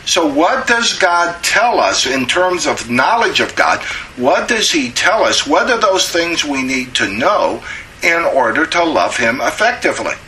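A middle-aged man teaches a Bible study in a conversational sermon style, asking rhetorical questions and pausing with frequent "uh"s. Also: fairly high pitch, very animated, sharp tone, a little hiss or hum, low-quality recording.

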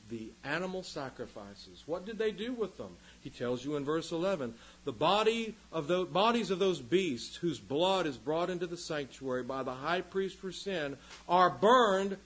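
A man preaching a sermon with passion, rising to loud emphasis and dropping low again. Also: expressive, a little slow, poor audio. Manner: impassioned, swings from loud emphasis to quiet.

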